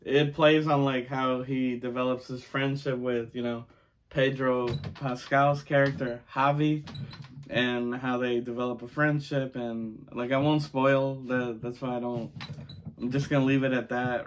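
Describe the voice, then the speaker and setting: A man's voice: mid-range voice, slight background noise. A man giving a casual spoken movie review, rambling with lots of fillers and frequent laughs. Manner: rambling, many fillers like "like" and "you know", laughs often.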